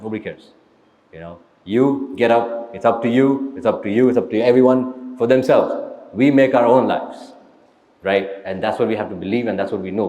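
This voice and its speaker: A man's voice: deep voice, darkish tone. A man, an actor answering audience questions at a live event, talking in a blunt, motivational way and often tagging "right?" onto his points. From India. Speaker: actor interviewee. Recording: echoey hall, long reverb.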